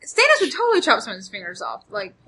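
A woman in casual chat, animated and laughing a lot. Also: medium pitch, fast, breathy edge.

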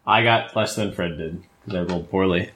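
Lowish-voiced male player. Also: a little fast, background noise. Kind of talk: casual tabletop game chat.

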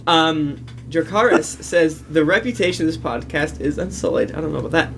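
A man's voice: on the high side, fairly quick, creaky, a bit bright. Man, podcast co-host, casual chat, reads reviews aloud, faint noise behind.

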